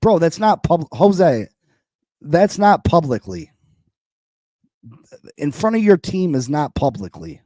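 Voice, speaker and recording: A man's voice: a little high, sing-song, slow, long pauses, warm tone, dry recording, studio quality. A man hosting a sports podcast, arguing in heated, incredulous talk and repeating lines for emphasis.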